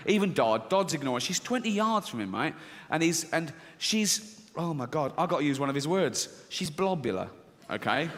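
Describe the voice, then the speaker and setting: A man's voice: mid-range voice, a bit bright, slight background noise. A middle-aged Englishman doing stand-up comedy, brash and swearing, acting out little exchanges on stage. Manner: brash, swearing, acts out voices. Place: large theatre stage before an audience. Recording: live theatre with long reverb, faint crowd.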